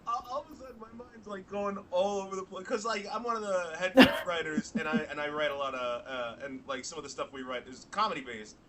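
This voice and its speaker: A man's voice: sits high, fairly quick, hardly any pauses. A man co-hosting the chat, riffing playfully and making jokes. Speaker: co-host and writer. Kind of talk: joking casual chat. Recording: crowd noise, voice away from mic.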